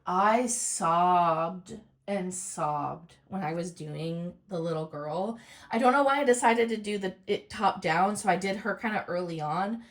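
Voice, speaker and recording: A woman making a casual crafting vlog, speaking in a soft, heartfelt, rambling way. She sounds tearful and close to crying. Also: fairly low pitch, a little slow. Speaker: crafting YouTuber.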